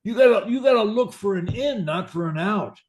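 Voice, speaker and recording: A man coaching a client in a speech therapy session, blunt and pushy, demonstrating high, low and soft voices. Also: expressive, moderate pace, reverberant.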